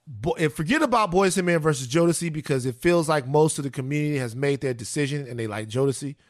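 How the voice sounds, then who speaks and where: A middle-aged man co-hosting a podcast, chatting in an animated, joking way and often repeating himself. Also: a little high, quick pace, dry recording, clean studio sound. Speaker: podcast co-host. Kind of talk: casual chat.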